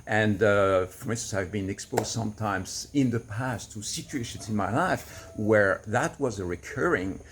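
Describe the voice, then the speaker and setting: A man coaching to camera, explaining in an earnest, patient way and laughing softly now and then. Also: fairly low pitch, a little slow, a little hiss or hum. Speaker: relationship coach. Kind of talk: teaching to camera.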